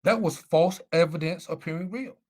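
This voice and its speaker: A man's voice: fairly high pitch, moderate pace. A middle-aged man, a former football player, telling his life story as a guest speaker, emphatic and repeating himself. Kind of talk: personal storytelling.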